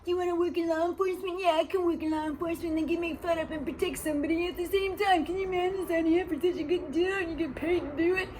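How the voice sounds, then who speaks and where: A woman's voice: very high-pitched, fairly even intonation, fast, hardly any pauses, darkish tone, a little hiss or hum. A woman in a rambling monologue, repeating the same phrases over and over. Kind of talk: stream-of-consciousness monologue.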